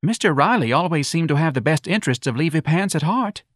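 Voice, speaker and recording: A man voicing a fussy, nervous male office manager who speaks in a plaintive, drawn-out way. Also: expressive, dry recording, studio quality, close to an everyday voice. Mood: sad, fretful. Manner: plaintive, fretful, high and drawn-out.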